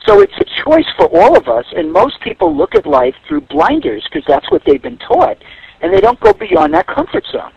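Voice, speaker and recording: A man's voice: extremely high pitch, huge pitch swings, moderate pace, creaky, no echo, lo-fi sound. A man giving a radio interview as a guest, telling stories in a reflective way. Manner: storytelling, reflective.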